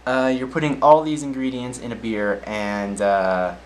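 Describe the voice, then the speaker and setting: A man's voice: medium pitch, flat delivery, unhurried, a little hiss or hum, poor audio. A man casually reading odd news stories aloud, often tripping over names, then adding his own offhand comments.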